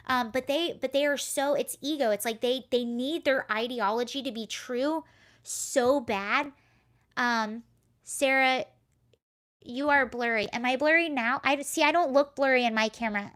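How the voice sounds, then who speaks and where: A woman with a high voice talks casually on her live stream. She rambles through a story, breaks off to answer comments, and speaks into a computer mic at home. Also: a bit bright. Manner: chatty, rambling, reads chat aloud. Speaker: livestream host.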